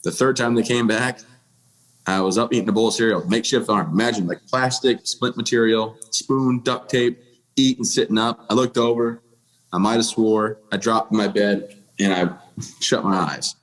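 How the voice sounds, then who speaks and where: Man, 30s, from the US, podcast guest, candid storytelling, blunt and plainspoken, somewhat low voice. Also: fairly even intonation, normal speed, a bit bright. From United States. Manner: blunt and plainspoken, with frequent restarts and fillers. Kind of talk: candid personal storytelling in a conversation.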